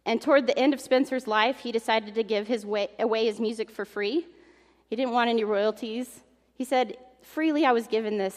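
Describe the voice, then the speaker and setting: Young woman preacher, earnest, somewhat high voice, long hall reverb. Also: darkish tone. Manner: earnest, emotional, reads aloud from an article. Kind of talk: sermon.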